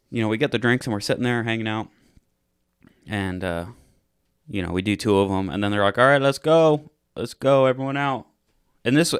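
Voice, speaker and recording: A young podcast host with a somewhat low, smooth voice spins a rowdy bar story, swearing freely and acting out what everyone said. The sound is dry and close, with no room in it. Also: male voice, no echo. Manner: profane, animated retelling with acted-out quotes. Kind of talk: casual storytelling.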